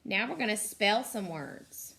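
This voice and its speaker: A woman teacher leading a slow phonics lesson for young children, sounding out words carefully and praising the class. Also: medium pitch, expressive, creaky, sharp tone.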